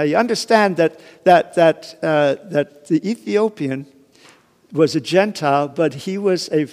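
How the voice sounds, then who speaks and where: A man's voice: on the high side, darkish tone. A man giving an informal sermon, retelling a Bible story conversationally, with many restarts and asides. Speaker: preacher. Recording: long hall reverb.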